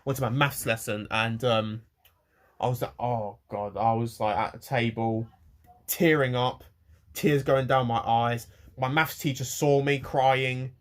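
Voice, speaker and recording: On his personal vlog, a man talks straight to camera in a steady, mid-range voice, his rant full of restarts, repeated words and halting rambles. He sounds emotional, nearly crying.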